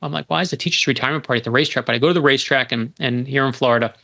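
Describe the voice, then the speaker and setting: With a creaky, medium-pitched voice and rapid-fire delivery, a middle-aged New York author tells a podcast story. He's emphatic and animated and frequently restarts sentences.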